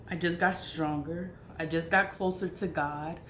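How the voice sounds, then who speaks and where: A woman with a low, grounded voice talks through her spiritual routines in a frank, emphatic way, laughing often and swearing in asides. The room echoes around her, with a faint hiss underneath. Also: steady tone, moderate pace, few pauses, a bit bright. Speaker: spiritual vlogger. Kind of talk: casual spiritual monologue.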